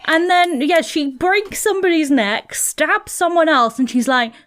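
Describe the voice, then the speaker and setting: A woman's voice: high voice, a little slow. A woman, co-hosting a casual film podcast and retelling scenes with acted-out quotes. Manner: animated storytelling, acts out quotes. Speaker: podcast co-host.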